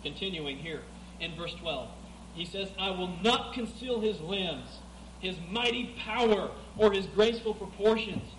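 A man preaching a sermon, reading scripture aloud, swinging between loud emphatic passages and quieter asides. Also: sits high, animated, measured pace. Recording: echoey room with clear background noise.

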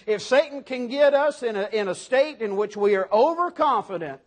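A preacher with a high-pitched male voice gives a sermon, pressing his points emphatically and often turning to listeners with rhetorical questions. His intonation is lively, his pace normal, and he pauses little.

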